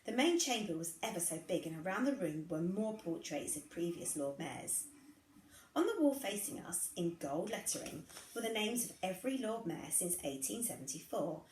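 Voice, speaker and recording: A woman's voice: on the low side, sing-song, normal speed, a little mellow, a little hiss or hum. Woman reading a story aloud, roomy echo. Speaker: reader.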